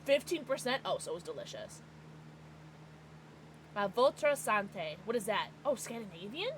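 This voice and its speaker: An American woman livestreaming, chatting casually with her viewers in an excitable, bubbly way. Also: mid-range voice, normal speed, slight background noise. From United States. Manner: excitable, bubbly, gasps and laughs often.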